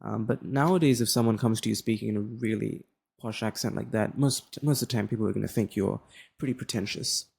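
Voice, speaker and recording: A man's voice: on the low side, brisk, vocal fry, darkish tone, breathy edge. A young Australian man with a general Australian accent, explaining a lesson as a tutor in a casual, rambling way with many fillers and restarts.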